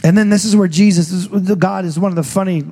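A man's voice: sits high, steady tone, fairly quick, mellow. A man preaching a sermon as pastor, telling the story in a casual, joking way. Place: church stage.

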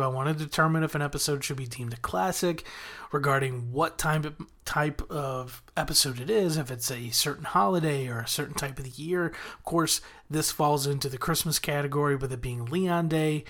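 A man with a fairly high, fairly bright voice hosts a podcast, recapping a TV episode at a moderate pace. He's enthusiastic and rambling, chuckling frequently as he reviews it.

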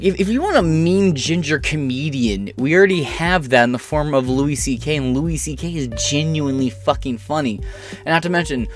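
Sardonic, profane male commentator. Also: mid-range voice. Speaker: commentary channel host. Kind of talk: casual commentary.

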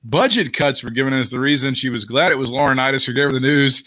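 A man co-hosting a casual podcast, crude and animated, laughing often at his own jokes. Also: mid-range voice, quick pace, dry recording, clean studio sound. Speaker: podcast co-host.

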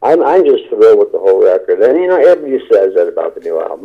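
A man's voice: lowish voice, very animated, racing, breathy edge. A man, a rock singer, giving an interview and talking casually and enthusiastically, rambling with many fillers and restarts. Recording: tinny phone line.

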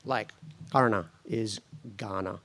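A man from Australia giving a personal spoken-word talk at a gathering, reflective and slow, breaking into laughter between phrases. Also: lowish voice, a bit bright. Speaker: speaker at a gathering.

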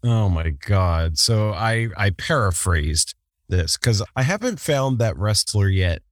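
Low-voiced man joking on a podcast. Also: big pitch swings, slow pace, no echo, studio quality. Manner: jokey, rambling, laughs often. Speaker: podcast co-host. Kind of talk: casual chat.

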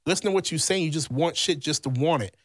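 Man from Louisiana, podcast host, casual storytelling, profane, blunt, rambling, slightly high voice. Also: fast talker, no echo, clean studio sound. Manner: heavy swearing, blunt and animated; rambling with many fillers.

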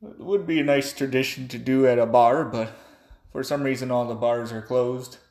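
A man's voice: mid-range voice, fairly even intonation, moderate pace, a little mellow. A young man ranting angrily and profanely in a monologue. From United States. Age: young adult. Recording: echoey room.

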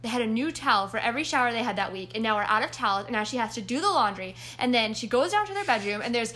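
A woman's voice: a little high, lively intonation, rapid-fire, fairly bright tone. A young woman co-hosting a casual chat, telling family stories and talking straight to listeners with a giggly manner. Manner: storytelling, giggly, addresses listeners directly. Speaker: podcast co-host.

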